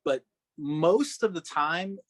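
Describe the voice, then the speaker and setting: A man raised in Boston, an actor guest on a podcast, talking in a relaxed, chatty way and laughing often. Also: on the high side, slow pace, no echo. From Boston, Massachusetts. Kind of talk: casual podcast chat.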